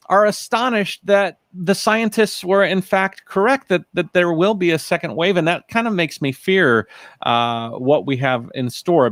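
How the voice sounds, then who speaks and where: A man's voice: medium pitch, a bit bright, no room sound, studio quality. A man hosting a livestream panel discussion, speaking hesitantly with many fillers and "uh"s. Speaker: livestream host. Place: China.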